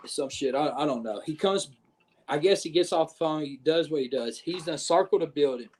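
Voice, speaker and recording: A man telling a backstage wrestling story on a podcast, animated and profane, acting out what others said. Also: fairly high pitch, a little fast, husky. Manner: profane, animated retelling with quoted voices. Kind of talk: casual storytelling.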